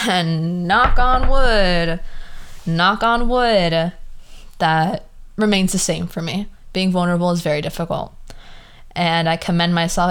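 A woman's voice: on the low side, clean tone. A woman in her early twenties talking casually on her own podcast, tired and yawning, full of "like" and acted-out quotes. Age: 20s. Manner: chatty, lots of "like", animated quoted voices. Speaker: podcast host. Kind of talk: casual solo podcast monologue.

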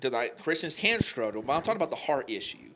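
A young man telling an emotional faith story on a podcast, animated and full of "like" fillers. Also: mid-range voice, fast talker, noisy background. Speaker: podcast guest. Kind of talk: candid faith conversation.

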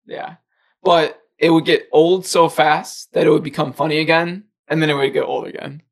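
A young man with a slightly raised, gravelly voice trades casual podcast banter. He laughs often and stumbles over his restarts. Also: fairly high pitch, level tone, moderate pace, poor audio. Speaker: podcast co-host. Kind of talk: casual chat.

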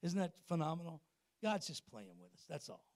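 High-voiced preaching man, loud then hushed. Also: sing-song, brisk, dry recording. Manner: swings from loud emphatic preaching to quiet confiding asides; asks the congregation questions and acts out little exchanges. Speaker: pastor. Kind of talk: sermon. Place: church.

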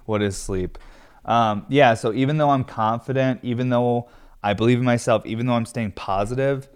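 A man's voice: medium pitch, moderate pace, smooth. A stressed man talking candidly in a casual vlog, rambling with lots of fillers and swearing freely. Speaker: glass studio owner.

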